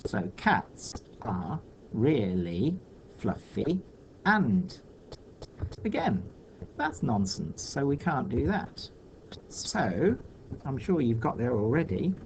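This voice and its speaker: A man's voice: medium pitch, gravelly, mellow, a little hiss or hum. A man teaching a recorded video lesson for children, patiently talking through each step aloud.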